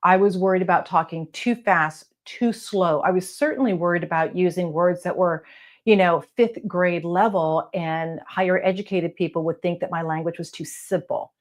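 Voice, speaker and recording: A woman's voice: on the low side, moderate pace. Blunt, chatty woman coaching on camera. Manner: some letters not crisply pronounced. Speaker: real estate video coach. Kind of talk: casual advice talk to camera. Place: home office lit by lamps.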